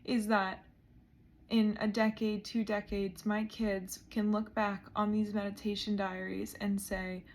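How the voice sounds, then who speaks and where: A woman's voice: medium pitch, little pitch movement, measured pace, noisy background. A woman in her thirties recording a meditation video diary, earnest and emotional, her voice often falling to a near whisper. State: emotional, close to tears. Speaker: vlogger.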